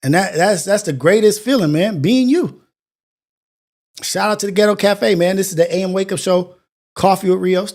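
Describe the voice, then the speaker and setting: High-pitched dude hosting a morning show, earnest and preachy, keeps repeating himself. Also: male voice, moderate pace, darkish tone. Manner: earnest, preachy, repetitive phrasing. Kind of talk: motivational monologue.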